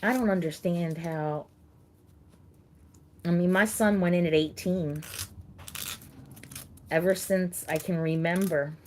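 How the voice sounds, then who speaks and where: A middle-aged woman hosting a casual live chat with her viewers, talking in a halting way and repeating words as she gets emotional. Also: lowish voice, steady tone, darkish tone, a little hiss or hum. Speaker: livestream host.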